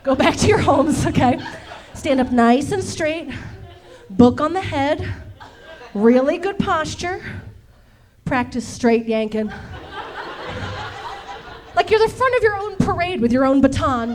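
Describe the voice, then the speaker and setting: High-voiced woman doing playful musical stand-up. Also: expressive, measured pace, some chatter behind. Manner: playful, laughing, acts out silly voices. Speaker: stand-up comic. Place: comedy club stage. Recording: live stage recording with clear music. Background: guitar and audience laughter.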